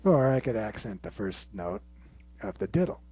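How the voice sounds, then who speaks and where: A man teaching a drum lesson, explaining step by step in a relaxed way and counting stickings aloud. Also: on the low side, moderate pace, loud music behind the voice. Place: room with a drum kit. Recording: muffled sound with loud drums. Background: loud drumming between phrases.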